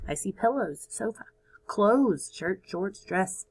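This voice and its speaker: A woman teaching first graders in a recorded video lesson, encouraging and sing-song, sounding out words slowly for the children. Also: fairly low pitch, animated, slight background noise.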